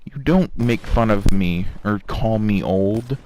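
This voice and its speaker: A man's voice: fairly low pitch, slow pace, a little mellow. A man voicing a stern older male school teacher who lectures firmly. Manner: firm, lecturing.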